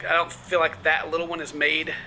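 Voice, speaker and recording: A young man from the southern United States chatting and explaining in a relaxed way on an outdoor porch at night, sometimes dropping to quiet asides. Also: fairly high pitch, a little fast, a little hiss or hum, poor audio. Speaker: vlogger. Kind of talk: casual vlog chat.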